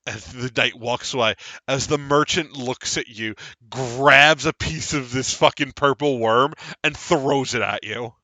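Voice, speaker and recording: A man's voice: mid-range voice, measured pace, hardly any pauses, pushed and bright, no echo. A man running a tabletop game as game master, narrating and ruling with a playful manner, often laughing.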